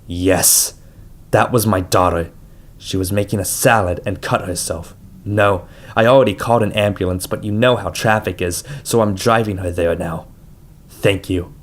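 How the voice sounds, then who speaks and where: A man voicing a menacing adult male abductor who talks in a calm, coaxing, cold way. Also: sits low, normal speed, close to an everyday voice. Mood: smooth lying.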